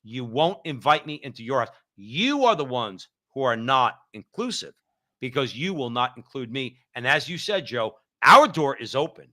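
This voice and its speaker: A man's voice: mid-range voice, sing-song, normal speed, pushed and bright. A man co-hosting a talk show, opinionated and emphatic, often repeating his points. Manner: emphatic, repetitive, preachy. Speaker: co-host.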